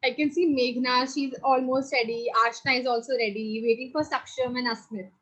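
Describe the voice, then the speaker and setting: A woman's voice: sits high, fairly even intonation, moderate pace, fairly bright tone, lo-fi sound. A young woman who patiently guides students through an online drama class over a video call. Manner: patient, encouraging, explains step by step. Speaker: drama teacher.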